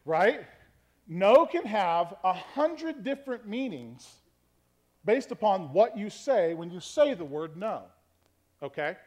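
A man with a notably high voice preaches a sermon in a relaxed, conversational teaching style. He checks in with his listeners often and plays with tone to make his points. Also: slow pace. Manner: conversational teaching, frequent "okay?" check-ins; varies tone to demonstrate meanings. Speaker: pastor.

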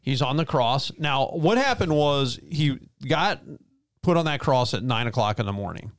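A man's voice: medium pitch, expressive, moderate pace, no echo. A man who is a pastor, hosting a casual faith podcast in a chatty, rambling, joking way.

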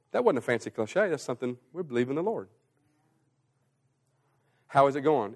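A middle-aged man preaching to his church, his voice sitting a little high for a man. He climbs to loud, drawn-out emphasis and then sinks to near-hushed, slower lines. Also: expressive. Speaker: pastor. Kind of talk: sermon.

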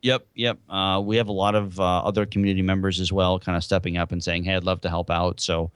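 A man's voice: deep voice, little pitch movement, quick pace, clear, resonant tone, no echo, studio quality. A man co-hosting a gaming podcast in a laid-back, joking way, organizing a community event. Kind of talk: casual gaming podcast chat.

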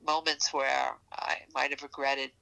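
A woman in her sixties with a New York accent, a guest in an interview, talking in halting sentences full of fillers as she searches for words. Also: a bass voice, flat delivery, vocal fry, pushed and bright, rough recording. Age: 60s. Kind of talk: casual interview conversation.

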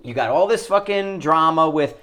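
A man co-hosting a podcast, chatting casually with quick quips and long run-on explanations. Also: on the high side, lively intonation, a bit bright. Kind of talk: casual chat.

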